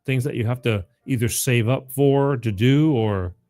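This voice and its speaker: A man with a middle-pitched voice hosting a live call-in show, chatting loosely and wandering between thoughts. He keeps circling back to the phone number, and faint music plays under him. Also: unhurried, mellow. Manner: rambling, repeats the phone number. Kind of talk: casual live call-in chat.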